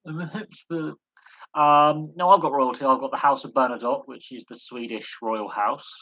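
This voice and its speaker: A man's voice: medium pitch, moderate pace, pushed and bright, no room sound, lo-fi sound. A man hosting a casual live Q&A stream, rambling through tangents and poking fun at himself. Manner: self-mocking, chuckles at himself. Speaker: live stream host answering chat.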